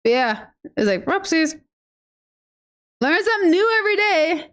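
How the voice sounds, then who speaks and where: A woman's voice: very high-pitched, big pitch swings, a little fast, fairly bright tone. A woman streaming a game and chatting casually, rambling through playful stories with lots of fillers and a giggly, affectionate manner. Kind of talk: casual gameplay chat.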